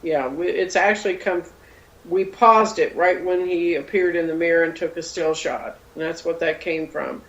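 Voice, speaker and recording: A woman's voice: fairly low pitch, fairly even intonation, moderate pace, fairly bright tone, roomy sound, lo-fi sound. A woman guest, a paranormal investigator, telling stories in a rambling, casual way and acting out what people said. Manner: rambling, acts out quoted dialogue. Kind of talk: casual storytelling in an interview.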